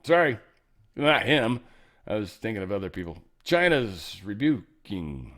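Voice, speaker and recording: A man's voice: lowish voice, animated, normal speed, a bit bright. A middle-aged man hosting a casual political news commentary show, sarcastic and rambling, swearing freely as he reacts to headlines. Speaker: host.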